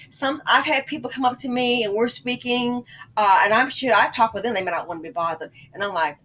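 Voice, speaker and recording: A woman vlogger telling a rambling, excitable story in a casual monologue, full of exclamations. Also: medium pitch, brisk.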